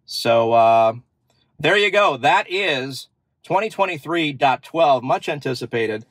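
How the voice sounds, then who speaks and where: A man's voice: fairly high pitch, lively intonation, slow pace, fairly bright tone, no echo. A man hosting a car channel, chatting casually and thinking aloud with fillers as he shows features from inside his parked car. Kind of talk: casual demo walkthrough.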